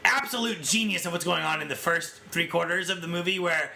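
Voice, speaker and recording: A man's voice: fairly high pitch, brisk, creaky, slight background noise. A man co-hosting a casual film-discussion podcast, talking animatedly and acting out scenes. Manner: animated, acts out scenes in quotes. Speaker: podcast co-host.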